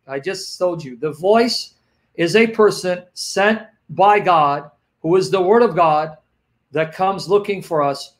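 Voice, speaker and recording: A man speaking as a guest apologist on a livestream, teaching emphatically and slowing down to repeat key phrases. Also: high-pitched.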